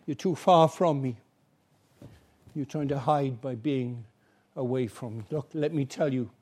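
A man's voice: mid-range voice, unhurried, dark tone. A male preacher giving an earnest, pleading evangelistic sermon, acting out little everyday dialogues.

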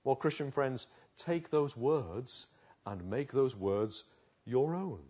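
Husky preacher with big dynamic swings. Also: male voice, mid-range voice, expressive. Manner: dramatic swings from loud urging to hushed, slow pleading. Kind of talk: sermon. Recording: dull lo-fi recording.

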